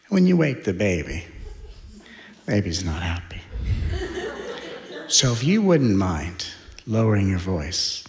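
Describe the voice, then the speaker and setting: A man giving a spiritual talk in a playful way, moving from hushed to animated. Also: deep voice, slow pace, pauses often. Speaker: spiritual teacher.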